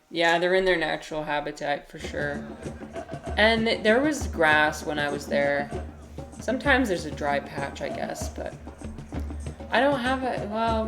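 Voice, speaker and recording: A woman hosts a relaxed livestream with a slightly low voice, chatting as she reacts to footage. Her talk rambles and is loose with swearing. Clear music plays under her voice. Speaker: livestream host. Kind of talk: casual stream chat reacting to footage.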